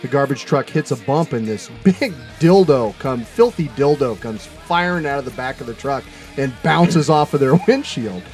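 A man's voice: mid-range voice, expressive, moderate pace, few pauses, darkish tone, soft background music. A man co-hosting a podcast, joking crudely and laughing often. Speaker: podcast co-host. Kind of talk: casual crude banter.

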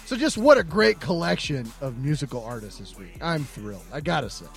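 A man's voice: a little high, very animated, brisk, creaky, over music. A man hosting a comedy podcast, talking in an upbeat, casual way and swearing freely. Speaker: podcast host.

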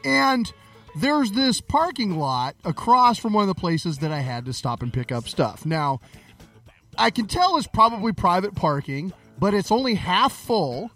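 A man co-hosting a comedy podcast, telling an anecdote in an animated, ranting way during casual banter. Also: sits high, unhurried, soft background music. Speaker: podcast co-host.

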